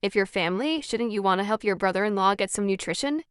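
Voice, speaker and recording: A woman voicing a lazy, entitled young adult sister who talks in an offhand, scornful way, in a smooth narrated story. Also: mid-range voice, fast, dry recording, clean studio sound, close to an everyday voice.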